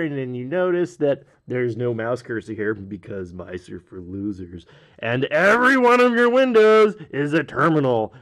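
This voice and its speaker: A man's voice: medium pitch, darkish tone. A man giving a sarcastic, rambling, self-mocking comedic rant on his video blog. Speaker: video blogger.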